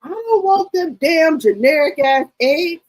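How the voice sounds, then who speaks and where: A woman imitating her fussy 70-year-old mother, who flatly and indignantly refuses generic groceries, cursing as she does. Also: high voice, a little slow, no room sound, voice pushed up.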